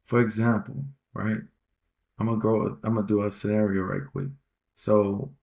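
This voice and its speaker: Podcast host, male, low voice with gravel, rambling slangy advice, repeats himself. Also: flat delivery, measured pace, darkish tone. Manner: rambling, repeats phrases for emphasis; slangy, street-casual phrasing. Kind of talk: casual relationship-advice monologue.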